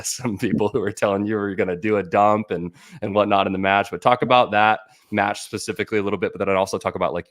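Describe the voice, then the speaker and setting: A man co-hosting an interview show who asks long, rambling questions and piles them one on another. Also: low voice. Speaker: podcast co-host.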